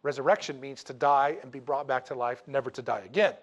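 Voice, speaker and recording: A man preaching a sermon, telling the story in a humorous, animated way and acting out the dialogue casually. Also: mid-range voice, fast, breathy edge. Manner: acts out dialogue in a casual, jokey way. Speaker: pastor.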